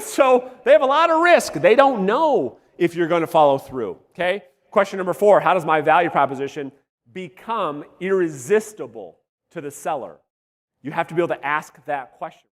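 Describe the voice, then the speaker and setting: A man coaching real estate agents at a live workshop, energetic and blunt, swearing and quizzing the audience, his voice wearing out. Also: high-pitched. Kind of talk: live workshop teaching to a room. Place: large room with live audience. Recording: long hall reverb.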